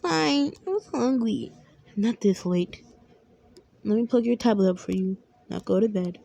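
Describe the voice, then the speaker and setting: A woman playing a caring, worried mother in a family role-play, speaking softly and often in a whisper. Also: mid-range voice, animated, measured pace, vocal fry, dry recording. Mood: scolding.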